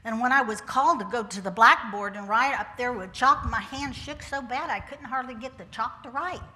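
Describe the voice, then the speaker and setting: A woman's voice: on the high side, normal speed, bright, forceful tone. An older woman sharing her personal testimony with a congregation, folksy and humorous, with homespun turns of phrase. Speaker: church speaker sharing testimony. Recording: church hall with long reverb.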